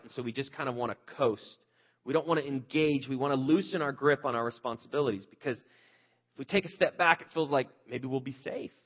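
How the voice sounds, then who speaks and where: A man's voice: medium pitch, lo-fi sound. A male pastor preaching a conversational sermon, earnest and candid, asking the listeners rhetorical questions.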